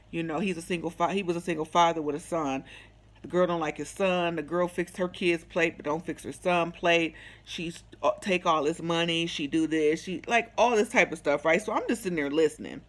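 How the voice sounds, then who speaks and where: A woman telling a personal story in casual, slangy vlog talk, acting out the back-and-forth of a conversation as she goes. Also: fairly low pitch. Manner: animated, slangy, acts out the quoted dialogue. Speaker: vlogger sharing a personal testimony.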